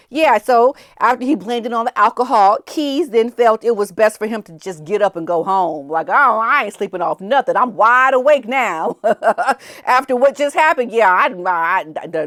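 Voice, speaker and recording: A woman hosting a casual commentary show, animated, often laughing and acting out the people she quotes. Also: fairly high pitch, normal speed, dry recording, clean studio sound. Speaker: commentary channel host.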